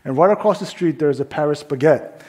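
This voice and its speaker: This sermon comes from a male pastor whose voice is a little high and brisk; he's casual and full of fillers, narrating a story and performing its voices. When he prays, he softens to a hush.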